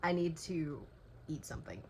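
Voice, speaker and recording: A young woman with a low, creaky, expressive voice chats casually into her phone at home at night, speaking at a moderate pace. She's a book vlogger, worn out and teary, gushing emotionally about a book and swearing freely. The audio is poor, with slight background noise.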